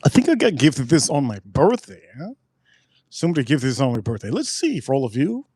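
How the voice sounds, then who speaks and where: A man hosting a casual live tasting review, excitable and repeating himself for emphasis. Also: mid-range voice, fairly quick, a little hiss or hum. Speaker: spirits reviewer host.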